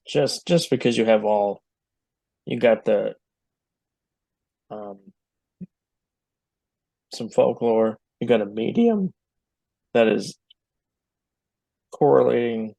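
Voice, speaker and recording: A man co-hosting a podcast, responding in slow, hesitant casual chat with fillers. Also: mid-range voice, creaky, warm tone, no echo. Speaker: podcast co-host.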